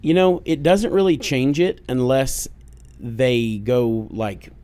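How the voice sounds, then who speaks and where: A man's voice: medium pitch, slow pace, mellow, clear, resonant tone, no echo. A man with an Oklahoma accent co-hosting a casual podcast, blunt and joking, swearing freely at a studio microphone. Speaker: podcast co-host.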